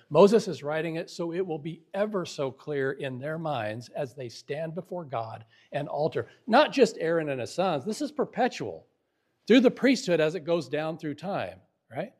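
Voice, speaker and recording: A male preacher teaching a Bible lesson from the pulpit, pressing hard on key words and checking in with the room through rhetorical questions. His voice is husky and sits a little high for a man. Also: sing-song, normal speed, darkish tone. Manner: emphatic, asks the audience rhetorical questions. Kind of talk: sermon-style Bible lesson.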